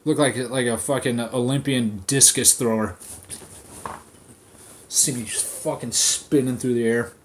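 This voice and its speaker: A man hosting a podcast, ranting in a casual, profane style and telling an animated story, recorded on his phone. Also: mid-range voice, measured pace, pauses often, a little hiss or hum. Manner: swears constantly, animated storytelling. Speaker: podcast host.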